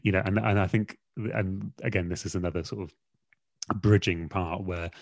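A man's voice: sits low, steady tone, moderate pace, creaky, no echo, clean studio sound. A man, a magazine editor, talking casually on a podcast in a rambling, self-deprecating way with lots of fillers.

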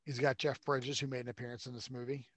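A man's voice: mid-range voice, level tone, fast talker, no echo. A man co-hosting a casual movie podcast, rambling and sarcastic, swearing freely. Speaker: podcast co-host.

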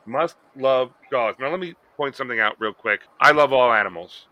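A man's voice: medium pitch, lively intonation, highs cut off. A man co-hosting a podcast, riffing jokily in casual banter. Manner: quick, jokey riffing. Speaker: podcast co-host.

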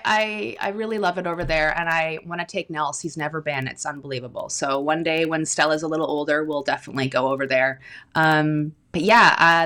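A woman's voice: deep voice, fairly bright tone. A woman from British Columbia, a guest actor chatting in an interview, talking freely with fillers and frequent laughs. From British Columbia, Canada. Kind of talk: casual interview chat.

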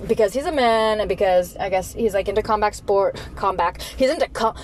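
Rambling, animated woman talking solo. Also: a little fast, slight background noise, rough recording. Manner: animated, acts out whiny voices in high pitch, swears freely. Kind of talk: casual rambling monologue.

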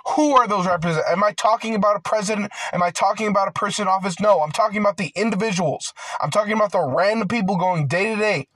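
A young man in a casual ranting monologue, rambling with constant filler words and swearing, growing loud and heated at times. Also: sits high, fast talker, hardly any pauses, no room sound. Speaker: vlogger.

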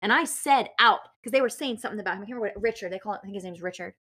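A young woman with a mid-range voice co-hosts a casual podcast. She tells stories with an animated, indignant energy, rushing ahead in quick bursts when she gets worked up. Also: mid-range voice. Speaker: podcast co-host. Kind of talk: casual chat.

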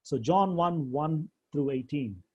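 Male Bible teacher, dark husky voice, emphatic and deliberate lecture delivery. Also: a little high, expressive, dull audio. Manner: deliberate, emphatic, slows down when quoting scripture. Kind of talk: theology lecture to a class.

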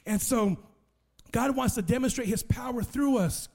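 Young male preacher, high voice, animated storyteller acting out voices, banter with the crowd. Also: moderate pace, gravelly. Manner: animated, acts out dialogue, playful asides to audience. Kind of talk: sermon storytelling.

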